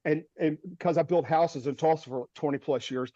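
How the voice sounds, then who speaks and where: Guy with a highish voice telling a wild story, keeps restarting and laughing, sounds dull and dry like a video call. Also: fairly even intonation, normal speed, mellow, no room sound. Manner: vivid retelling with restarts and nervous laughs. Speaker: storm chaser guest. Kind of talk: animated storytelling.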